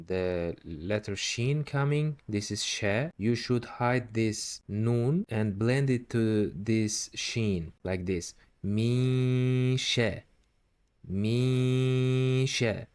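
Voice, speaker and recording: A man teaching Quran recitation step by step, patiently repeating syllables slowly. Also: fairly low pitch, a little mellow. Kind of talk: slow step-by-step recitation lesson.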